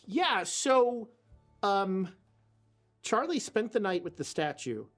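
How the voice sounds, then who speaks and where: A woman running a tabletop horror game as game master, talking in a relaxed way with frequent hesitations. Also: medium pitch, slow pace, soft background music. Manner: relaxed, hesitant with many fillers.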